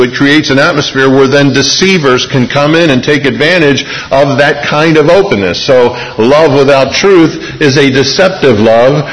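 Guy preaching a sermon, slow earnest build, echoey church sound. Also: medium pitch. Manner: measured, earnest preaching with deliberate pauses. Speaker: pastor. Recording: reverberant hall.

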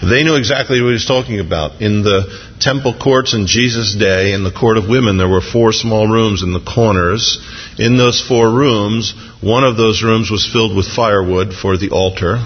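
Gravelly-voiced male pastor preaching. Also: long reverb tail, dull audio. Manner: animated, jumps into high excited voices when acting out quotes. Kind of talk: sermon.

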